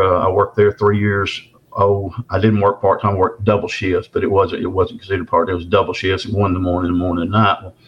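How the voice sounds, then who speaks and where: A man, telling a long story as an interview guest in a folksy, rambling way. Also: fairly low pitch. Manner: drawn-out, folksy, frequent restarts. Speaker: interview guest recounting an encounter. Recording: dull lo-fi recording.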